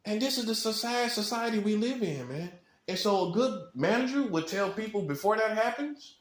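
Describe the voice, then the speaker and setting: A man's voice: sits high, expressive, moderate pace, echoey room. A man giving an informal preaching monologue, blunt and repetitive, with slang and chuckles. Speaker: self-styled prophet.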